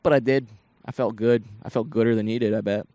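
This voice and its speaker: Fast and steady in tone, this young comedian from Northeast Ohio has a mellow, mid-range voice as he tells rambling, curse-filled stories with plenty of asides. It's casual solo podcast storytelling with a dry recording.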